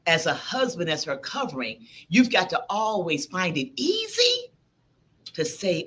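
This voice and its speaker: A woman pastor preaching a sermon, telling a story with lively storytelling energy. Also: on the low side, a little slow, slightly rough.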